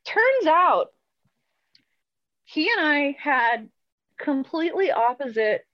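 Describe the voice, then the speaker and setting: A woman's voice: high-pitched, big pitch swings, slow pace, dry recording, muffled recording. A woman guest on a video call, telling rambling, self-amused stories in a casual chat. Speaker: podcast guest.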